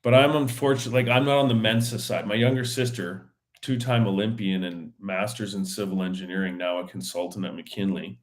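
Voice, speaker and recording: A man's voice: fairly low pitch, steady tone, fairly quick. Slangy rambling man on a podcast. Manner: rambling and slangy, with many fillers and restarts. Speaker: podcast host. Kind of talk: casual solo chat.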